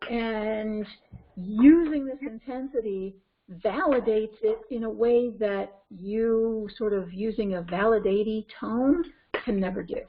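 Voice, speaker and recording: A woman parenting coach leads a webinar in a conversational style, her voice a little high and her pace slow. She keeps checking in with "okay?" and "right?", and her conference-call line makes the web audio sound muffled.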